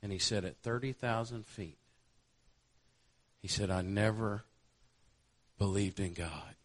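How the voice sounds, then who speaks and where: A man's voice: on the low side, measured pace. A male preacher delivering a sermon, telling a conversion story and building to an impassioned altar call.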